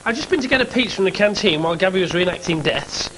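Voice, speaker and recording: A man's voice: high voice, animated, fast talker, fairly bright tone, slight background noise, poor audio. A man hosting a breakfast TV show and phone-in quiz, chatty and jokey. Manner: jokey, chatty, laughs often. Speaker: host.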